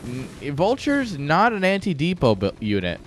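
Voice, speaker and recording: A man's voice: a little high, huge pitch swings, a little slow, a little hiss or hum. A man casting a strategy game on a live stream, rambling off-topic, joking and swearing freely. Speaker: game caster. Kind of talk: casual live-stream commentary.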